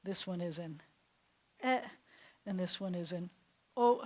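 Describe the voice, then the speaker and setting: A middle-aged woman from New York, a rabbi teaching a Hebrew class in a chatty, animated way with frequent laughs. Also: fairly low pitch, a little fast. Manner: chatty and animated, often laughing between points.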